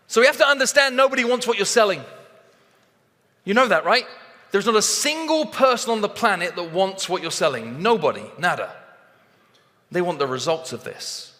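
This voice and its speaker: Animated male motivational speaker, high and bright, echoing in a large hall. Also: moderate pace. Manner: animated, acts out both sides of conversations. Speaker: sales trainer speaking on stage. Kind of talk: motivational talk.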